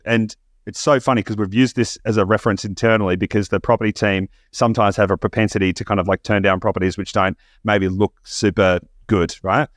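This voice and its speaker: Fast-talking animated man. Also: fairly low pitch, dry recording, studio quality. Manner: fast, animated, stumbling restarts. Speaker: podcast host. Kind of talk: casual podcast chat.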